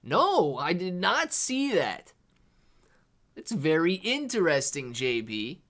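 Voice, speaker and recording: A man hosting a live stream, chatting casually while reading viewer comments. He talks in a relaxed, rambling way, says "dude" and "man" often, restarts his sentences, and keeps his voice down so he won't disturb children at home. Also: on the high side, slow pace. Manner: talks softer to keep quiet near children. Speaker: livestream host reading chat.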